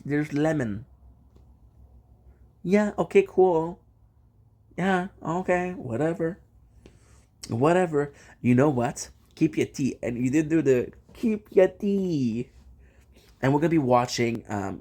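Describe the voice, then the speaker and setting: This live streamer has a mellow, mid-range voice and keeps things casual with his viewers. He teases them playfully and tends to repeat one phrase again and again in a row.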